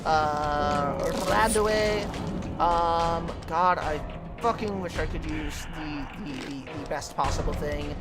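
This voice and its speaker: A woman's voice: low-pitched, slow. A woman streaming a video game, chatting casually with her viewers and swearing freely as she plays. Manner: chatty, swears freely, talks to chat while playing. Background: game music.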